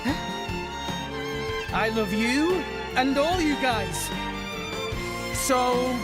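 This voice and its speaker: A man's voice: very high-pitched, expressive, very slow, heavily acted. An actor with a Northwest English accent playing an earnest, cheerful fifteen-year-old boy hero in a video game. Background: game music.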